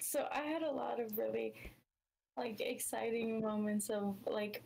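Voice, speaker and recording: A woman co-hosting a casual review chat, excitable and full of fillers. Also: on the high side, moderate pace, poor audio. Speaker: co-host reviewing a show.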